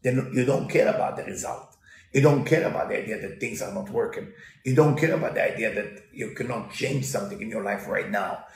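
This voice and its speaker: A man's voice: medium pitch, fairly quick, vocal fry. A man giving a storytelling Torah lesson in broken English, mixing in Hebrew quotes. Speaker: Torah teacher. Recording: roomy echo.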